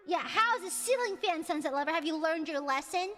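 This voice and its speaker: A woman hosting a casual livestream and reading chat, with dramatic, shouty mock outrage and playful insults. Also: extremely high pitch, animated, fairly quick. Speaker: streamer host reading chat. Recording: long reverb with music behind.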